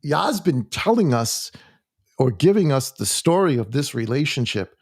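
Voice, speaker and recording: A man's voice: medium pitch, very animated, no room sound. Guy teaching a church bible study, lots of restarts, dry close sound. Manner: halting, full of restarts and fillers, reads scripture aloud.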